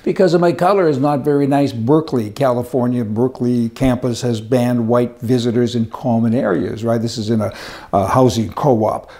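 A man's voice: medium pitch, normal speed, warm tone. A man delivering a rambling, indignant opinion monologue with a sarcastic edge. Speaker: commentator.

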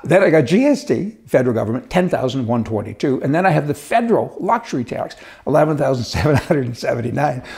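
A man's voice: on the high side, gravelly, a little mellow. A man delivering a casual, sarcastic, exasperated monologue with chuckling asides. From Canada. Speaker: commentator.

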